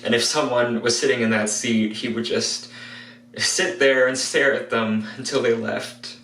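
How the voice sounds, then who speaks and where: An actor playing a grieving young man who speaks softly and wistfully about a lost friend. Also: medium pitch, fairly even intonation, measured pace, far from the mic. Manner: soft, quiet, wistful. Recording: roomy, from the mic.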